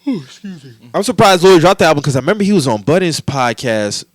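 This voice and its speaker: Podcast host, man in his twenties, rapid loose slangy delivery, dry sound. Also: on the high side, big pitch swings, dry recording. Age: 20s. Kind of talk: casual chat.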